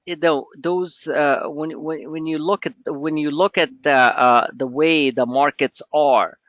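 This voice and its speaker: A man hosting a live trading webinar in a bright, forceful voice, a bit higher than most men. He rambles informally with lots of restarts and side jokes. The audio is dry and dull, like lo-fi webinar sound. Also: steady tone, a little slow, dry recording. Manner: rambling, with many restarts and asides; joking, informal.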